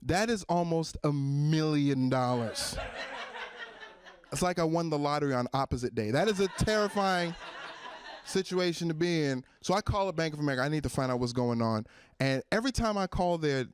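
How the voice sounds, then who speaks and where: A man doing a stand-up comedy set on stage, animated and acting out characters in a high squeal. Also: fairly quick. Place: stage in front of a live audience.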